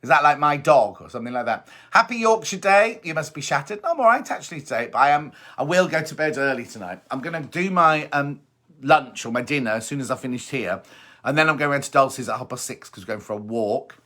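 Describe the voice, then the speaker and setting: A man's voice: medium pitch, lively intonation, a little fast, pushed and bright. A middle-aged man presenting a sewing show, reading out viewer comments and chatting about them in a gossipy, teasing way. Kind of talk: casual live chat reading viewer comments.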